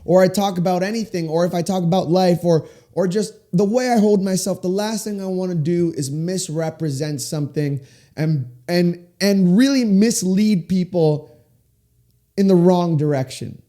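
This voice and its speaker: Animated young man, mellow voice. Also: moderate pace. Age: 20s. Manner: animated, swings pitch up and down. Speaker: podcast host. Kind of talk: faith-based solo podcast monologue. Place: small room with sound panels.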